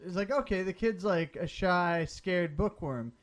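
A man with a fairly high voice talks through a movie with friends on a podcast. He is sarcastic and animated and keeps slipping into mocking voices. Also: measured pace. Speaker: podcast co-host. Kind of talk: casual comedic movie review chat.

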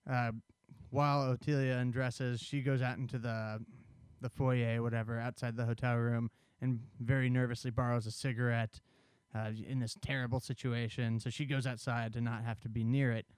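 A man with a smooth, resonant voice walks through a movie's story in relaxed podcast chat. The sound is close and dry, with no room around it. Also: medium pitch, normal speed, dry recording. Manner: conversational, explains plot at length. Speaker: podcast co-host summarizing a film. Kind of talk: casual film discussion.

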